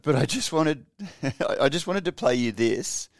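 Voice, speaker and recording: A man's voice: mid-range voice, animated, normal speed, no room sound, clean studio sound. A man co-hosting a casual podcast, teasing the others and chuckling, with lots of hesitant fillers. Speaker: podcast co-host. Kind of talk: casual chat.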